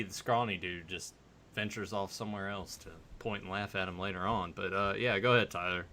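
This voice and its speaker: A man's voice: fairly low pitch, a little fast, sharp tone. A young man co-hosting a casual podcast, telling stories and mimicking other people's voices as he goes. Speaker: podcast co-host.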